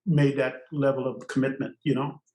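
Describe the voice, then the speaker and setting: An older man from Trinidad, a podcast guest, telling stories in an animated way and laughing often between phrases. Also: mid-range voice, normal speed, roomy sound, low-quality recording. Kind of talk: storytelling interview.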